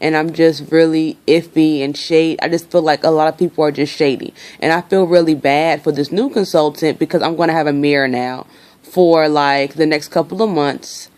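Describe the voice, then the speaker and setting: A woman's voice: deep voice, fairly even intonation, moderate pace, a little mellow. A young woman venting her frustration in a casual vlog, talking freely and swearing. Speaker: vlogger.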